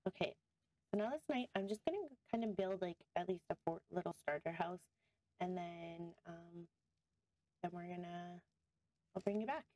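A woman hosting a casual let's-play video, chatting to viewers and to in-game creatures as she thinks aloud and gets easily excited. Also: on the low side, moderate pace, pauses often, dry recording. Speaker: gaming video host.

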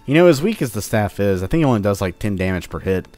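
Low-voiced man joking through a game. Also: big pitch swings, quick pace, darkish tone, faint music behind. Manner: playful, jokingly taunts enemies. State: sore upper back. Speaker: let's-play host. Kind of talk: casual gameplay commentary.

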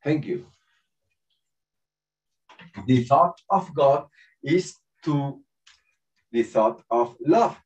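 A man gives a slow, halting spiritual talk in a second language, often pausing to hunt for a word and chuckling between thoughts. He sounds distant from the mic, and the call audio is muffled and lo-fi. His voice sits at an ordinary pitch for a man. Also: animated. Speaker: spiritual teacher.

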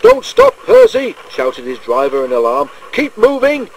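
A man doing a steady, reassuring train driver. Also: medium pitch, a little fast, a little hiss or hum. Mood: alarmed. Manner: reassuring, turns urgent when shouting.

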